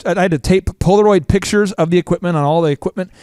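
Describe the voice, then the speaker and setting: Guy on a business podcast, rapid joking storyteller, high voice, dry close mic. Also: a little mellow, clean tone, dry recording. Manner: fast, playful storytelling with quoted voices. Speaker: podcast co-host.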